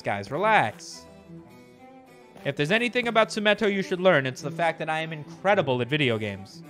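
A man's voice: high voice, sing-song, brisk, a bit bright, faint music behind. A man streaming a game, joking and bragging to his chat as he plays. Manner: jokey boastful banter with chat. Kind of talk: let's play commentary.

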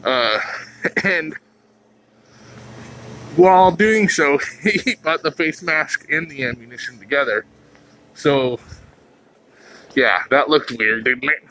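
A man's voice: on the high side, slow, pauses often, pushed and bright, slight background noise. A man talking casually in a home vlog, rambling and jokey with a self-mocking streak, filmed indoors on a handheld camera. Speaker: vlogger.

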